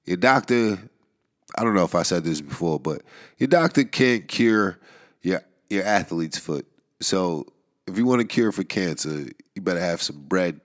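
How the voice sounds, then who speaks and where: This is a man with a very low, stuffed-up voice, nasal from a head cold. He hosts his own show in a loose, rambling monologue, wry and quick to chuckle between thoughts. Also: lively intonation. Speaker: podcast host. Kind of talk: casual monologue. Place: New York area.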